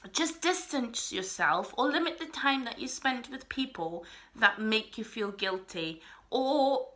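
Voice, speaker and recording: Bright-voiced woman talking earnestly. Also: on the high side. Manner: earnest, rambling, emphatic. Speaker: vlogger. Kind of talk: casual talk to camera.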